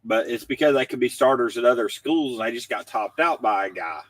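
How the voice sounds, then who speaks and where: A man chiming in on a laid-back late-night chat, matter-of-fact and brisk. He sits a little back from the mic, so his voice sounds slightly distant. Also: mid-range voice, lively intonation, no room sound. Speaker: co-host.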